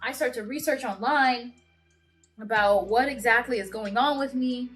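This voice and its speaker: A woman in her twenties telling a personal story to camera in a halting, earnest way, often stopping and restarting her sentences. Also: a little high, a bit bright, soft background music. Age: 20s. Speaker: vlogger.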